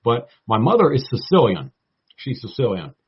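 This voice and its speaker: A man in his forties with a Southern US drawl talks as a guest, folksy and playful, sprinkling in baby and y'all. His voice is husky. The audio is muffled and lo-fi. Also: mid-range voice, big pitch swings, normal speed. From North Florida, United States. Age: 40s. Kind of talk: casual talk show conversation.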